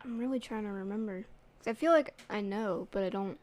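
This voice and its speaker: A woman's voice: mid-range voice, fairly quick, a little mellow. A woman co-hosting a podcast, adding short, wry interjections to casual banter. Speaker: podcast co-host.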